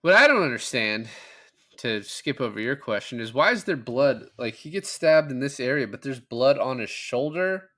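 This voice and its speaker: Man, podcast co-host, bright edgy tone, animated casual recap. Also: medium pitch, normal speed. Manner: animated, laughs while retelling scenes. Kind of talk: casual movie recap chat.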